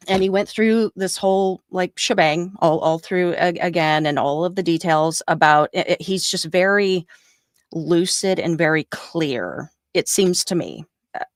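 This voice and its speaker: A woman co-hosting a podcast, retelling a story in a rambling, animated way with fillers. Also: on the low side, unhurried, no room sound, studio quality. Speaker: podcast co-host. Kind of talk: casual storytelling chat.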